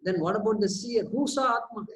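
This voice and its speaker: A man, teaching a spiritual class in a relaxed back-and-forth with students. He talks in a lively way, asks one rhetorical question after another and often repeats words as he builds his point. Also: high-pitched, brisk, poor audio. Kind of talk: question-and-answer teaching session.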